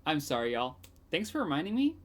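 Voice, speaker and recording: A woman streamer chatting casually and joking while playing a game, with loud outbursts. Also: low-pitched, big pitch swings, brisk. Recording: game music playing behind.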